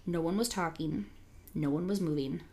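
A woman's voice: fairly low pitch, moderate pace, darkish tone. A young adult woman co-hosting a casual chat, reading a news story aloud with joking asides. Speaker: podcast co-host reading an article aloud.

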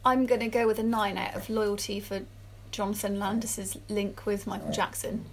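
A woman co-hosting a podcast in casual chat, bubbly and excitable. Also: mid-range voice, normal speed, slight background noise. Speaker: podcast co-host.

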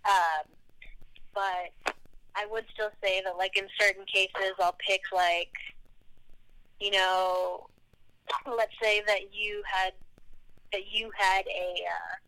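Engaged woman guest, casual chat, bright voice, dry anecdotal delivery. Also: mid-range voice, little pitch movement, slow, long pauses, poor audio.

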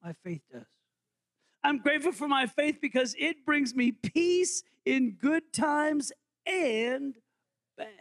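Guy pastor with a really high gravelly voice, joking around, quizzing the church. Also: animated, slow pace, a bit bright, dry recording. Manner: playful, jokey, quizzes the congregation. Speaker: interim pastor. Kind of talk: interactive holiday sermon.

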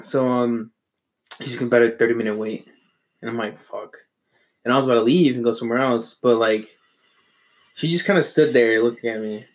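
A man in a casual chat among friends, telling a story in a loose, rambling way. He swears constantly and pokes fun at himself. His pitch sits in an ordinary middle range. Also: a little fast, pauses often. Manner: rambling, heavy swearing, self-mocking.

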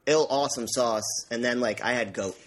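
A man's voice: medium pitch, moderate pace. Man tossing in dry one-liners. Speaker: podcast co-host. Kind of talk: casual chat.

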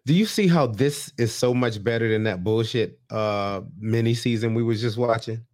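Man, mid-pitched voice, slangy, profane, casual podcast banter. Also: moderate pace, a little mellow. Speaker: podcast co-host. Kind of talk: casual chat recapping a reality show.

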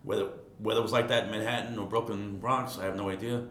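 A man's voice: steady tone, fast talker, a bit bright. A man around sixty from Queens, telling stories casually as an interview guest, rambling and repeating words. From Queens, New York. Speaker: guest, retired ironworker. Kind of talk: casual storytelling. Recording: echoey room, faint rumble.

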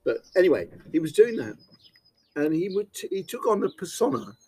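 A man's voice: on the high side, very animated, fairly quick, darkish tone, husky. A man hosting a podcast, telling a rambling anecdote with frequent laughs. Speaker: podcast host. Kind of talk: casual chat, anecdote.

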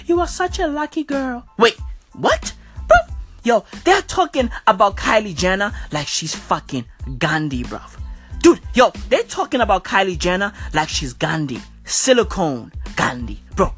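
A woman's voice: medium pitch, sing-song, unhurried, fairly bright tone, breathy edge, soft background music. A woman giving a profane, slang-filled comedic rant, punctuating her points emphatically. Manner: profane, slangy, emphatic, keeps asking "okay?". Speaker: comedic commentator.

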